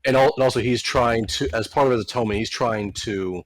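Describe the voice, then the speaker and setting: A man playing in a tabletop game, telling stories in an animated way and swearing freely while chatting with friends. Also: medium pitch, brisk, a little hiss or hum. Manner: profane, animated storyteller. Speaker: player. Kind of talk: casual chat at a tabletop game.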